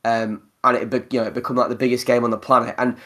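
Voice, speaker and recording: A male podcast host talks very fast in a loose, chatty way, swearing a lot and filling his speech with fillers and restarts. His medium-pitched voice has a flat delivery and a sharp tone.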